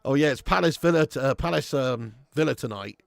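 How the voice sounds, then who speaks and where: A man's voice: medium pitch, fairly quick, vocal fry, dry recording. A man hosting a live football watch-along, chatting casually and swearing freely. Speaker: host.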